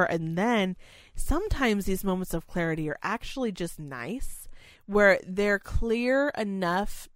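A woman's voice: lowish voice, no echo. A young woman who works in memory care, chatting casually and candidly on a podcast, rambling and swearing freely.

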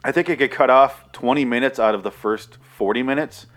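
A man's voice: medium pitch, fairly quick, fairly bright tone. A man casually reviewing a movie, rambling and sarcastic, with a lot of swearing.

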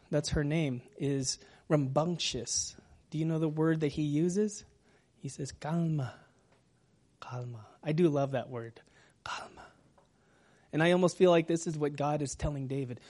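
A man preaching a sermon as pastor, talking gently and sometimes dropping to a whisper. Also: a little high. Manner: slow, gentle, drops to a whisper at times.

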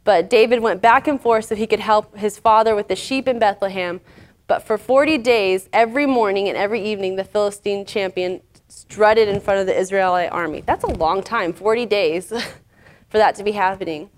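A woman's voice: mid-range voice, moderate pace. A woman teaching a casual Bible lesson, paraphrasing the story in a chatty way with fillers.

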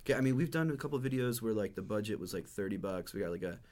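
A man's voice: lowish voice, lively intonation, very fast, crowd noise. A man in a band, chatting casually as a guest in a loose, rambling way. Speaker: musician guest. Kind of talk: casual chat.

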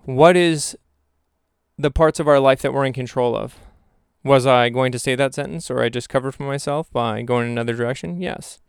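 This is a young man riffing through a comic monologue as a podcast host, teasing himself and dropping into goofy voices. His tone is gravelly yet smooth and sits at an average pitch. The recording is dry and close, with no room sound. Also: steady tone, a little fast, no room sound. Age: 20s. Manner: playful, self-mocking, slips into silly voices. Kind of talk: comedic monologue.

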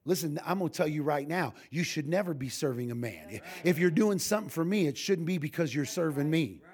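A man's voice: a little high, animated, a little fast, darkish tone. An older man, a pastor, giving an informal sermon full of humorous stories, folksy and joking, with frequent restarts.

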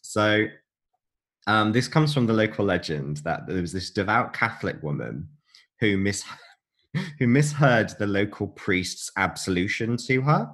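Deep-voiced man chatting about wine. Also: lively intonation, a little slow, fairly bright tone. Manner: chatty and jokey, laughs often, explains wine. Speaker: podcast co-host. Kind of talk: casual chat.

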